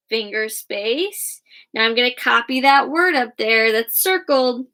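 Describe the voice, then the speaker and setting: A woman teaching young children a guided reading and writing lesson in a slow, sing-song teacher voice, spelling words out letter by letter. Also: on the high side, pushed and bright. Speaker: kindergarten teacher.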